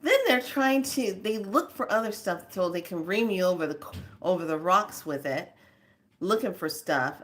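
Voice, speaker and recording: A woman's voice: medium pitch, animated, moderate pace. A woman hosting her own spiritual vlog, talking casually and telling exasperated stories with frequent laughter. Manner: chatty, exasperated storytelling, laughs often. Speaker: spiritual vlogger.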